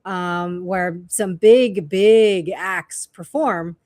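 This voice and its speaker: A woman's voice: lowish voice, extremely slow, no echo, studio quality. A woman co-hosting a podcast, telling stories and asking her guest questions in casual chat. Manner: lively storyteller, asks questions. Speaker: podcast co-host.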